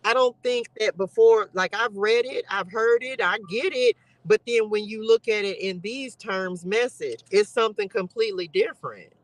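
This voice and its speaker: A woman's voice: medium pitch, moderate pace, hardly any pauses, dry recording, rough recording. A woman hosting a casual Bible study livestream, talking emotionally and straight to her viewers. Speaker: livestream host.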